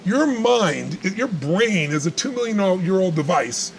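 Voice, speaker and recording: A man's voice: high voice, very animated, unhurried, slight background noise. A man giving motivational talk in conversation, emphatic and repetitive, telling stories to make his point. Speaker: motivational speaker.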